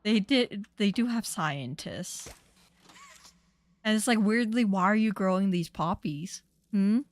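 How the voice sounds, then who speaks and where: A young woman streamer talks through a horror game in a chatty, rambling way and gets indignant at the characters. Her voice sits at an average pitch and sounds close and dry on the mic. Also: unhurried, no room sound. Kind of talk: casual gaming commentary.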